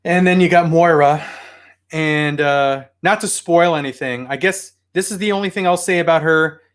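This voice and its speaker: A man casually showing off his new toy haul at home, chatty and excitable. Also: on the high side, normal speed. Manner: chatty, excitable, yells at his barking dog. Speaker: toy collector vlogger.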